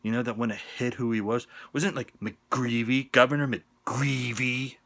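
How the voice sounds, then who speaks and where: A man from the northern United States giving sports picks on his vlog in a profane, sarcastic rant, jumping between loud jabs and muttered asides. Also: mid-range voice, fairly even intonation, moderate pace, vocal fry, a little hiss or hum. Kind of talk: ranting sports opinion vlog. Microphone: on-camera vlog mic.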